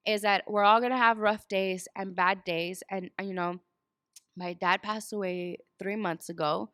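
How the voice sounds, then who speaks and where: Bright-voiced woman telling her story. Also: medium pitch, no room sound, studio quality. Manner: storytelling, animated when acting out quotes. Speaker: guest. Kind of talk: casual interview chat.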